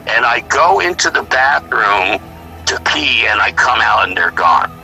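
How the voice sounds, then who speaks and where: A middle-aged male musician talking casually in an interview, animated and blunt, acting out what others said. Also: on the low side, measured pace, faint music behind, low-quality recording. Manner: animated storyteller, acts out quotes, swears freely. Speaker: musician guest.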